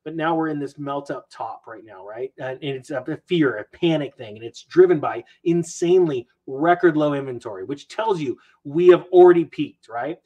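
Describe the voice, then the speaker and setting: A man who is a finance video maker, chatting casually as a podcast guest with animated, self-mocking storytelling. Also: a little high, normal speed, few pauses, rough recording.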